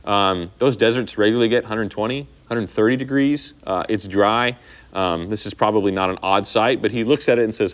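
A man's voice: on the low side, moderate pace. A man teaches scripture to a small group in an easy, conversational way. He keeps checking in with "okay?" and acts out the lines he quotes. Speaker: Bible teacher. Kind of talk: informal Bible study teaching.

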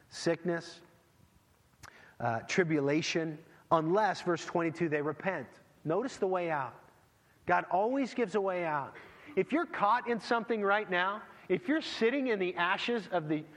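A man's voice: fairly high pitch, fairly bright tone, in a large hall. A man in his thirties preaching a conversational sermon as a pastor, acting out bits of dialogue.

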